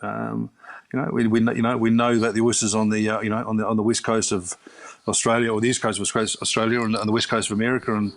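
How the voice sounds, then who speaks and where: A man's voice: on the low side, flat delivery, fast talker, vocal fry. A middle-aged man, a chef turned fishmonger, answering an interview question in a rambling way full of fillers and restarts. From New Zealand.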